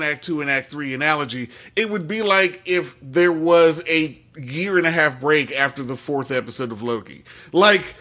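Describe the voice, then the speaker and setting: Male podcast co-host, casual and animated, bright tone, pitched a bit high. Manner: animated, laughs often. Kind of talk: casual chat.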